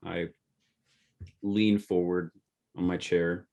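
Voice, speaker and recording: Deep-voiced man playing a tabletop character. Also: little pitch movement, slow, gravelly, warm tone, highs cut off. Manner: firm, confrontational. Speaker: player. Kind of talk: in-character role-play in a tabletop game.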